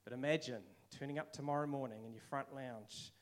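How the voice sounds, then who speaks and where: A man's voice: mid-range voice, a little fast. A man with a New Zealand accent giving a casual, conversational sermon, now and then acting out quoted voices. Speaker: preacher.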